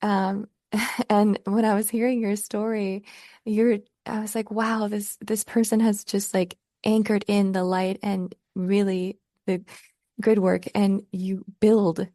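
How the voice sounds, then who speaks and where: A woman's voice: mid-range voice, little pitch movement, slow, warm tone, no room sound, clean studio sound. A woman hosting a spiritual conversation, talking in an effusive, emotional way full of gushing praise. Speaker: host.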